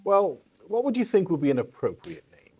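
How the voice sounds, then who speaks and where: A man's voice: sits high, huge pitch swings, brisk, dark tone, husky, faint music behind, heavily acted. A man voicing a talking male viper with a British accent in a radio play, wry and teasing.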